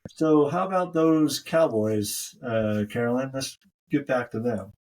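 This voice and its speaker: A man with a husky, slightly rough voice co-hosts a casual podcast. He jokes around, gets sidetracked and often leaves his sentences hanging. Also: mid-range voice, unhurried, a little mellow, rough recording. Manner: chatty, jokey, trails off mid-sentence. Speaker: podcast co-host. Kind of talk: casual chat.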